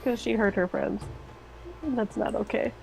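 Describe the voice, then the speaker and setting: A woman playing a tabletop game, speaking softly and giggling often. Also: medium pitch, moderate pace, vocal fry, low-quality recording. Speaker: player.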